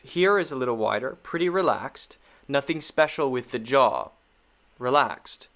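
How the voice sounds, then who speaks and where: An American man gives a pronunciation lesson at an unhurried pace. His pitch rises and falls a lot as he stresses and repeats each sound. He speaks deliberately, like a patient teacher. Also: animated, fairly bright tone.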